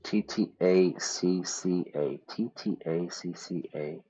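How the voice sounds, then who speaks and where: Low-voiced guy playing a detective game, chatty, reads stuff out, slow overall, kinda dull audio. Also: slightly rough. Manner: chatty, reads game text aloud and reacts loudly. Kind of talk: casual gameplay commentary.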